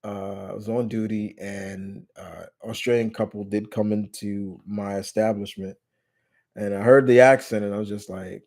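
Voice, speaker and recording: A man's voice: lowish voice, fairly even intonation, normal speed, gravelly, darkish tone. Rambling New York man chatting live. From New York, USA. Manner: rambling, many restarts and fillers; blunt, jokey, swears casually. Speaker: live stream host. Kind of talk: casual live Q&A chat.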